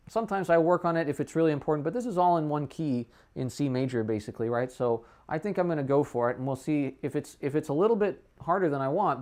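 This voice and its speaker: A man's voice: medium pitch, a little mellow. A man, a music teacher, explaining how to practice a piece and singing the phrases on syllables between his explanations. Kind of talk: demonstrating practice method. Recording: dull lo-fi stream audio.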